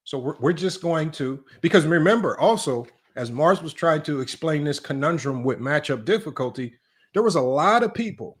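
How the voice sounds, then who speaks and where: A man with a fairly high voice runs a live basketball stream. He argues his point emphatically, circling back and checking in with his chat. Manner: emphatic and repetitive, often asks "right?" and addresses "y'all"; argumentative, talks straight to his live chat. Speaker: sports analytics streamer.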